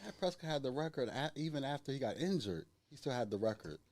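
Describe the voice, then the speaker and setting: A man co-hosting a sports stream, speaking at a middle pitch. He cuts in with objections and counterpoints. The sound is dry and close, with no room echo. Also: animated, quick pace, a little mellow. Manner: interjects and pushes back. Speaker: co-host. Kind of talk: casual live-stream chat.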